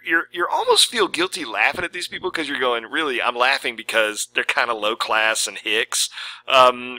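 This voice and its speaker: A man's voice: medium pitch, bright, forceful tone, no room sound, rough recording. A man giving an informal lecture on a short story, talking in a rambling way and often correcting himself. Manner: rambling, with many self-corrections. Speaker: literature lecturer.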